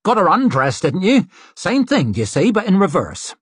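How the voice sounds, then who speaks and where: A man voicing a gruff, sharp-tongued hill woman healer in an audiobook, talking with a dry, mocking edge. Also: high-pitched, huge pitch swings, moderate pace, no room sound, pitched above the performer's own voice, heavily acted.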